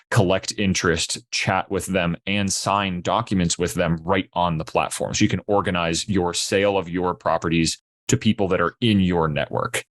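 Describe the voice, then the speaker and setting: A young man as a podcast guest, explaining his startup in a steady pitching manner. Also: dry recording, studio quality. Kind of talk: podcast interview.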